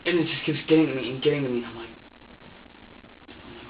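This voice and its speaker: A man being questioned as a suspect, recounting events in an agitated, profane, halting way, distressed and near tears. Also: medium pitch, noisy background. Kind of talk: emotional recounting under questioning. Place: police interview room. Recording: echoey, distant, dull room recording.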